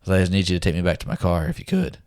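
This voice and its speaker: A man's voice: low voice, sing-song, very fast, darkish tone, no room sound, studio quality. A man casually telling a survival story as a podcast guest, laid-back, laughing often and acting out what people said.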